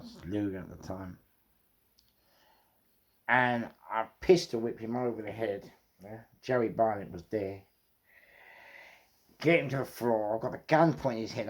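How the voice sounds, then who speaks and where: A middle-aged man with a London accent telling rough stories casually, swearing heavily and repeating words for emphasis. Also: lowish voice. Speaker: storyteller. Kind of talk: casual storytelling.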